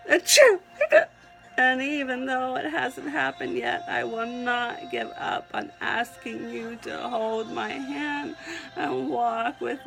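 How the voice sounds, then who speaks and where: A woman's voice: on the high side, creaky, a bit bright, rough recording. A woman with a Southern accent reading her own prayerful poem, often stopping to sneeze and laugh, on the edge of tears. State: teary, on the edge of crying. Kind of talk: prayerful spoken-word poetry reading.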